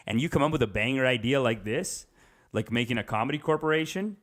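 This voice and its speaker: A young adult man doing a rambling comedic monologue as a podcast host, jumping into quick character voices. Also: medium pitch, animated.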